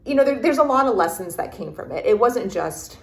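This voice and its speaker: A woman guest telling a personal story in an interview, halting and restarting often as she searches for words. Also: fairly high pitch, lively intonation. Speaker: podcast guest. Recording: roomy echo.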